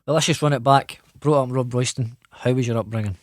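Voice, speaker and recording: A man hosts an interview and asks brisk, short questions at a middling pitch. He prompts his guest with quick follow-ups. The sound is dry, with no room around it. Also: no echo. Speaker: interviewer, host.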